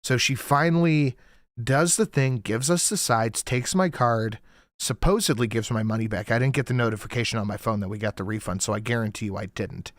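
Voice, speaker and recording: A man's voice: medium pitch, brisk, no room sound, clean studio sound. A man telling a story in casual chat, profane and exasperated.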